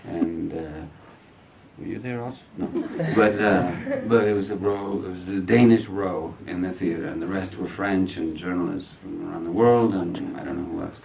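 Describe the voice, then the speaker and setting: A man's voice: low voice, moderate pace, creaky, a crowd in the background. A man speaking as a guest at a film Q&A, telling anecdotes in a chatty way and often laughing as he talks. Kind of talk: casual anecdotal storytelling. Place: cinema hall in front of an audience.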